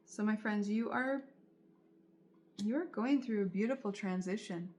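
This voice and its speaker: A woman's voice: mid-range voice, a little slow, darkish tone. A woman giving a tarot reading straight to her viewers, in a soothing, reassuring way and often repeating her phrases. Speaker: tarot reader.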